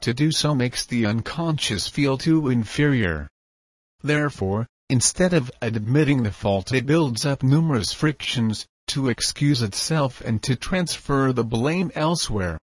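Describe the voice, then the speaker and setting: A man reading a formal nonfiction text aloud in a measured, even way. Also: mid-range voice, dry recording.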